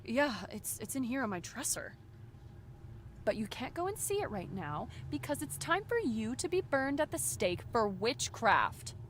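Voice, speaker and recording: A woman's voice: a little high, big pitch swings, moderate pace, a little hiss or hum. An actress voicing a sarcastic, teasing young woman in a video game. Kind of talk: game voice acting.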